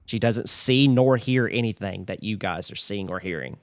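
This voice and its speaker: A man narrating as game master of a tabletop game, describing scenes in measured speech with frequent fillers. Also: on the low side.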